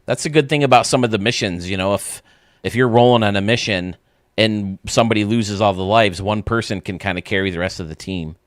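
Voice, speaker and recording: A man's voice: lowish voice, fairly quick, no room sound. A man hosting a live stream, chatting casually and ranting bluntly, often restarting his sentences.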